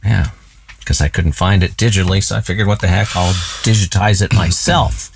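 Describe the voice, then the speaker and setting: A man's voice: deep voice, fairly even intonation, brisk, gravelly, background noise. Rambling self-deprecating radio host, man. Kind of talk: casual chat.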